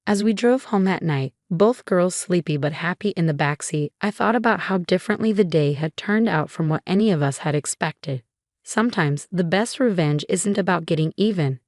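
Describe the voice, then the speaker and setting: Woman telling a story in first person, low voice, calm, dry close sound. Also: normal speed, no echo. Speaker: narrator.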